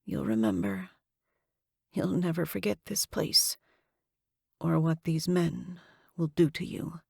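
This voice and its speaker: A woman voicing a weak, exhausted captive woman whose voice is dry and rough, in an audiobook. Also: lowish voice, takes it slowly, dry recording, full character voice. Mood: weary resigned. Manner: exhausted, resigned. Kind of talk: audiobook dialogue.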